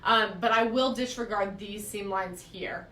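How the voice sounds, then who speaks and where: A woman's voice: medium pitch, measured pace, pushed and bright, distant mic, slight background noise. Chatty woman teaching quilting, echoey room. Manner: chatty, frequent "right?" check-ins. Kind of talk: live-streamed quilting lesson.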